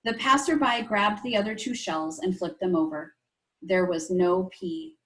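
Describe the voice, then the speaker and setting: A woman teacher reading a chapter book aloud to her class, expressive and stopping to explain things to the children. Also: lowish voice, measured pace, low-quality recording. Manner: expressive, asides to young listeners.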